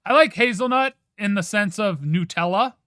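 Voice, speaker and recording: A man's voice: high voice, normal speed, bright, forceful tone, clean tone, dry recording, clean studio sound. A man from Ohio chatting casually with his stream viewers, giving playfully dramatic opinions.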